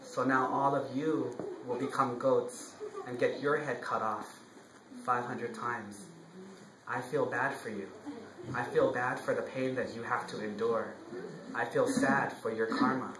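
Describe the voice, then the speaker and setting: A monk voicing a calm talking goat. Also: male voice, medium pitch, unhurried, echoey room, background noise, lightly acted. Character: old male goat, calm and forgiving.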